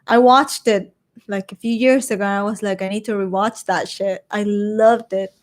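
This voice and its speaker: A woman's voice: medium pitch, fairly even intonation, normal speed. A young woman with a Venezuelan accent, chatting casually as she reads viewer questions aloud and answers them. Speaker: streamer reading chat. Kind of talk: casual chat.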